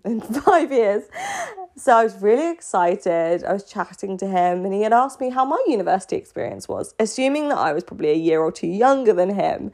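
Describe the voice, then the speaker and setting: A woman's voice: medium pitch, a little mellow. A young woman with a British accent, telling a personal story in a casual, self-mocking way and often laughing. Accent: British English.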